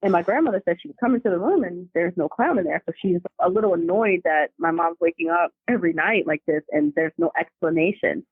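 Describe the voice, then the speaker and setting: A woman's voice: lowish voice, fast talker, few pauses, breathy edge, no echo. Chatty woman on a tinny phone line. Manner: animated, chatty, slangy. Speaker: caller telling family ghost stories. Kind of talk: casual storytelling over the phone. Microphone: phone call.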